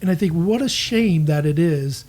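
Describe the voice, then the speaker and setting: Casting: man, fairly high voice, podcast co-host, earnest and self-critical, slips into voices when he quotes people. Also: expressive, normal speed, darkish tone. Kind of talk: candid marriage podcast talk.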